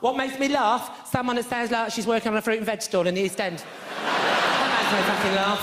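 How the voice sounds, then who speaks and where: A man's voice: sits high, steady tone, fairly quick, very noisy. A man doing live stand-up comedy, bantering with the audience in a brash, sweary way. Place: large theatre, live audience. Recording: roomy live theatre with loud crowd.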